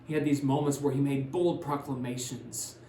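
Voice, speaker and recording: A man preaching a sermon, retelling a Bible story in a conversational way, his voice swinging between loud and hushed. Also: medium pitch, flat delivery, normal speed, reverberant, slight background noise. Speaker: pastor. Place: church sanctuary.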